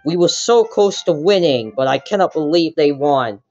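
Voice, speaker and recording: A man voicing a furious hulking turtle king villain who yells and sulks petulantly in a fan puppet comedy. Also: on the high side, expressive, moderate pace, soft background music, pitched above the performer's own voice. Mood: sulking. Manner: yelling, sulky and petulant. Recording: dull lo-fi recording.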